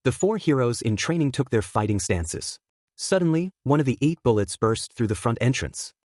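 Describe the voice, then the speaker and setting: A man reading fan fiction aloud as a narrator, with lively storytelling intonation. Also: medium pitch, normal speed, no room sound, studio quality.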